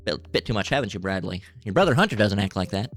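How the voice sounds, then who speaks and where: A man's voice: lowish voice, animated, fast talker, soft background music, voice pushed down. A man putting on a fussy suburban parent, prim and nagging as they scold a teenage son.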